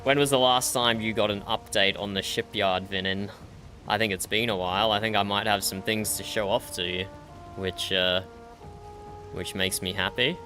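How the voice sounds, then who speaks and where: A man's voice: lowish voice, steady tone, normal speed, pushed and bright, faint music behind. An Australian man chatting casually during an online roleplay game, laughing often and repeating his own phrases. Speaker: roleplay streamer.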